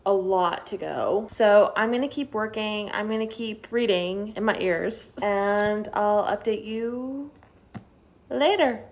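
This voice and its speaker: A woman's voice: medium pitch, slow pace. A young woman vlogging casually about a book she is reading, chatty and self-mocking, often laughing. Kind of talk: casual chat to camera.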